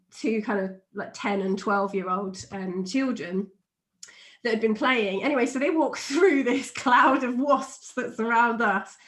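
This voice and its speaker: A middle-aged woman, an NLP trainer, explaining a method and telling a personal story in a chatty, animated way, laughing often. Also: on the high side. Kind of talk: teaching explanation with personal anecdote.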